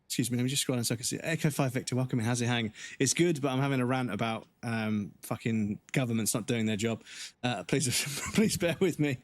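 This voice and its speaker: A man in his forties, a livestream gamer ranting casually with anger and frequent swearing, his voice going hoarse. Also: medium pitch. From United Kingdom. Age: 40s. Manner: angry, swearing, halting restarts.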